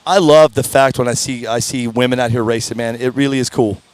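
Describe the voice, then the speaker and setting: A man announcing live drag racing in an upbeat, folksy way, fumbling names now and then, his voice strained and clearing his throat. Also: medium pitch, steady tone, brisk, no room sound. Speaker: race announcer. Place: at a racetrack.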